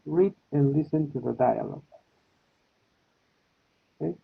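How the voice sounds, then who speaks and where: A man teaching an online English class, slowly checking in with his students. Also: on the high side, creaky, husky. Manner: slow, repeats with "okay?" and "no?" checks. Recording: tinny phone-like line.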